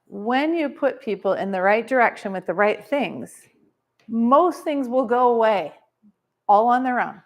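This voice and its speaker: A woman teaching a live seminar to an audience, energetic and coaching, full of rhetorical questions. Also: fairly high pitch, moderate pace. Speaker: wellness business trainer.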